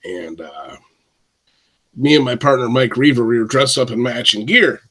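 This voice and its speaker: A man's voice: mid-range voice, expressive, moderate pace, a bit bright, husky. Man telling rambling wrestling stories. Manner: rambling anecdotal, acts out quotes. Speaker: wrestler guest. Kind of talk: casual storytelling.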